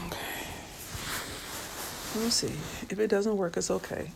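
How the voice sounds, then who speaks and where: A tired woman, chatting softly and a bit weepily to viewers on a live stream from her bed at home. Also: mid-range voice, fairly even intonation, a little slow, vocal fry, noisy background. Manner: soft and tired, weepy, talks to viewers by name. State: tired and low on energy. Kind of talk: casual live-stream chat. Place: bedroom at home.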